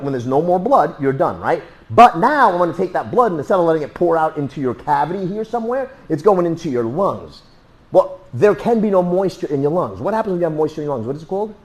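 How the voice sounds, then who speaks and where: A man teaching a self-defense class, blunt and joking, who swears casually and makes sound effects while he demonstrates moves. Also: fairly high pitch. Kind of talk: hands-on class instruction.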